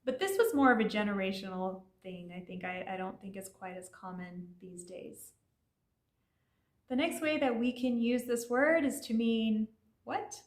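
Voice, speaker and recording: Woman teacher, friendly explanatory tone, casual fillers, mid-pitched voice, echoey room. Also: expressive, normal speed. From Iranian family. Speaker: language teacher. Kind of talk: explaining vocabulary to learners.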